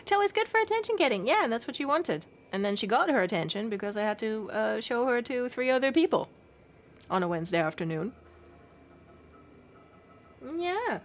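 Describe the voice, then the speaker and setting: A woman's voice: fairly high pitch, sing-song, moderate pace, long pauses. Chatty, giggly woman streamer. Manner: chatty and giggly, baby-talking to her cat. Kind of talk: casual chat with stream chat.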